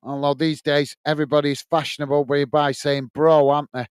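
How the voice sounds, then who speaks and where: Brief: middle-aged Northern English man, watch-along host, fairly high smooth voice, blunt and chatty, dry close sound. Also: flat delivery, fairly quick, no room sound. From north of England. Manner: chatty, blunt, laughs easily, says mate a lot. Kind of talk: match commentary and reading out viewer chat.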